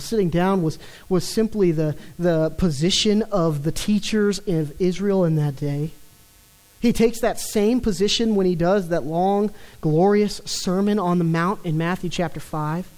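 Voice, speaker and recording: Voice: medium pitch, darkish tone, low-quality recording. Emphatic preacher in an expository sermon. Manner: emphatic, repeats words when stressing a point; slows down on key phrases of scripture.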